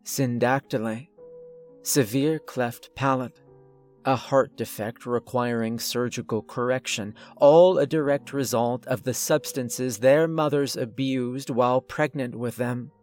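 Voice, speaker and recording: A man voicing a calm, clinically detached asylum doctor who speaks in a polite, measured way. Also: medium pitch, faint music behind, close to an everyday voice.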